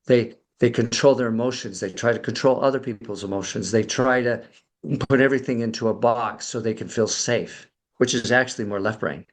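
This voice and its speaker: A man's voice: medium pitch, steady tone, brisk. A middle-aged man, a podcast guest and emotional coach, explaining at length with many fillers and restarts. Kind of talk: conversational explanation.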